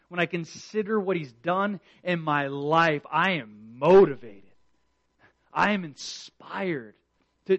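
A man preaching a sermon in an earnest way, moving between loud emphatic lines and hushed ones and often repeating the first words of a phrase. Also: high voice. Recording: dull lo-fi recording.

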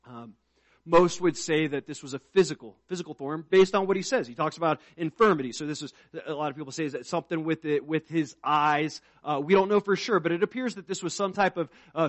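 Man preaching, soft then emphatic. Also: no room sound. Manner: swings from soft and low to loud and emphatic; conversational, with restarts and asides. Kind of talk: sermon.

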